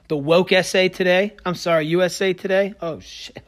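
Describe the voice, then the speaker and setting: Man, podcast host, solo rant, heated, sarcastic, slightly high voice, loud bursts and low mutters. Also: steady tone, moderate pace. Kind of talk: solo sports opinion rant.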